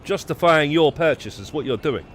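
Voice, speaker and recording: Animated and fairly bright, this young man's voice runs high at a moderate pace as he streams a game from the United Kingdom. He chats casually, rambling, swearing and restarting his thoughts, with slight background noise.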